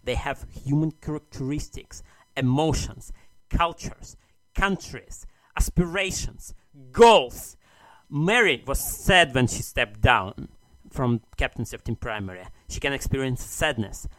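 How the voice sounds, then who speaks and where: A man's voice: medium pitch, animated, unhurried, a bit bright, no room sound. A man delivering a mock-grandiose, argumentative monologue in an audio message sent to a show. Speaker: listener sending an audio message. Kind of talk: read-out monologue.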